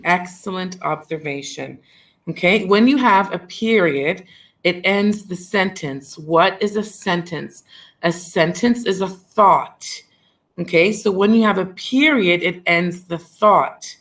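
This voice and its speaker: A woman's voice: fairly low pitch, slow, a bit bright. Encouraging woman teacher quizzing her class. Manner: questioning, praising answers and repeating them back. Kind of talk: leading a class discussion on poetry.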